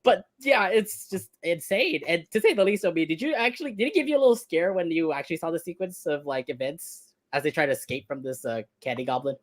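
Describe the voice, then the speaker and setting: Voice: mid-range voice, animated, fast talker, hardly any pauses. A co-host of a fan stream, rambling through a casual cartoon episode review and putting questions to the other host.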